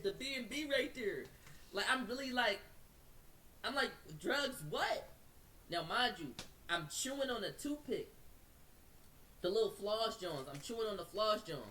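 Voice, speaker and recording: A man with a very high voice tells a story about an incident in casual slang, acting out what people said to him and speeding up as the tension builds. He is recorded from a distance, with slight background noise.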